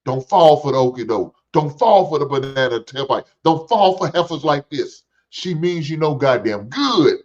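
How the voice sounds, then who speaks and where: A show host reacts to clips with casual commentary, ranting profanely, preaching at the camera, and at times taunting in a sing-song. His slightly high, darkish voice is expressive, moving at normal speed with hardly any pauses, and the lo-fi recording sounds dull.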